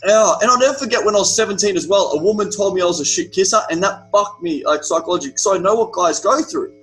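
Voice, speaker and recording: A young Australian man in casual chat, telling an animated story with lots of swearing. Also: high voice, quick pace, rough recording. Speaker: podcast guest.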